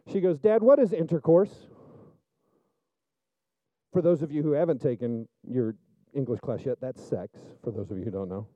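A male pastor preaching a sermon, telling stories and building up to loud, fervent peaks. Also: medium pitch, brisk, dry recording, lo-fi sound. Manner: storytelling preacher, rises to loud fervent climaxes.

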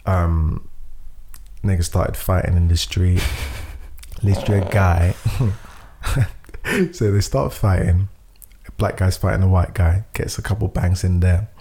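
A young man, telling a story in casual podcast chat, lively, laughing often and swearing freely. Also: sits low, slow pace, long pauses, slight background noise. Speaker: podcast co-host.

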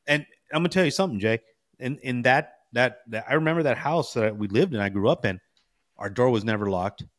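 A man in his forties from California, chatting on a podcast with a middle-range voice. He spins loose, animated stories and keeps dropping slangy asides to his co-host. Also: mid-range voice, fairly quick. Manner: animated storyteller, slangy with bro and you know. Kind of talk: casual chat.

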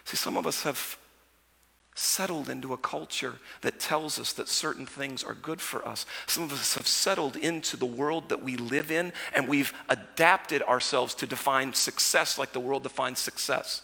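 A male pastor delivers a sermon in a gravelly, slightly husky voice that stays bright and forceful. He keeps it conversational, swinging from loud storytelling to hushed asides. His voice rings through a church sanctuary with a long reverb. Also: medium pitch, moderate pace.

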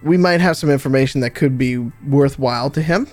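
A man's voice: medium pitch, fairly quick, darkish tone, no echo, soft background music, lightly acted. A man voicing a blunt, scheming drinker. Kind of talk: tabletop role-play character voice.

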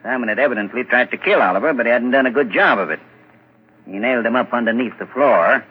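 An actor playing a calm, folksy village constable in an old radio drama. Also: male voice, mid-range voice, fast talker, breathy edge, close to an everyday voice. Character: easygoing male village constable. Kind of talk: 1940s radio acting. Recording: thin tinny old radio broadcast.

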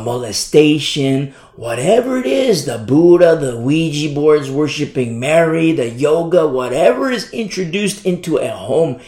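Guy preaching a sermon, voice swoops up and down a lot, repeats himself, echoey room. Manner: repetitive, impassioned, sweeping pitch swings.

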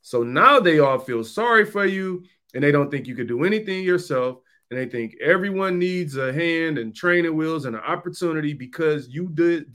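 A man's voice: a little high, fairly bright tone. A man hosting a podcast, talking straight to listeners in an emphatic, slangy monologue and repeating points for stress. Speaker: podcast host. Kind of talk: conversational monologue.

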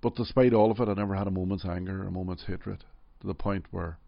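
A middle-aged man from Northern Ireland with a Derry accent, telling his life story gently and reflectively in an interview, often saying "you know". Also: sits low, steady tone, quick pace, creaky, dry recording, muffled recording. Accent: Derry, Northern Irish. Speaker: interview guest.

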